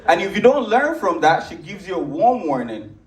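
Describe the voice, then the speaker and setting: A man's voice: sits high, big pitch swings, normal speed, distant mic. A young man in his twenties from Lagos with a Nigerian accent, doing a brash, crude stand-up set at a comedy club. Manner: brash, crude, conversational punchlines. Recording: echoey club audio from afar.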